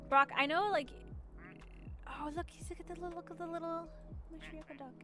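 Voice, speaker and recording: A woman's voice: very high voice, steady tone, fairly quick, fairly bright tone, faint music behind. A woman streamer chatting casually and rambling while she plays, often giggling. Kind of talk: casual chat while gaming.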